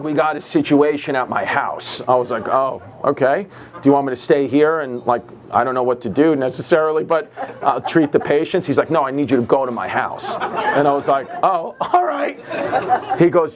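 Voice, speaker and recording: High-voiced new guy doing standup, all worked up, loud room noise behind. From New York. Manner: excitable, jumps into acted quotes, laughing audience. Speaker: stand-up comedian. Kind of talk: stand-up storytelling.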